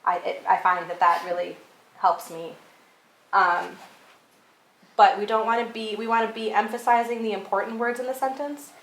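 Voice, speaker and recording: A woman's voice: medium pitch, fairly even intonation, moderate pace, gravelly, a bit bright. A woman casually coaching church readers, chatty with lots of "um" and "like". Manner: chatty, many "um"s and "like"s, laughs at herself. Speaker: workshop instructor for church readers. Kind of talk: casual teaching talk. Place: church hall. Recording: echoey room with light background noise.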